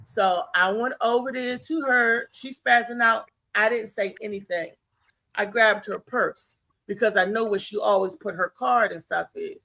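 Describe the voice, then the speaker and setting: A woman's voice: medium pitch, measured pace, vocal fry, bright, forceful tone. A woman comedian hosting a talk show, telling an emphatic story with a preachy edge. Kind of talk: casual talk show monologue.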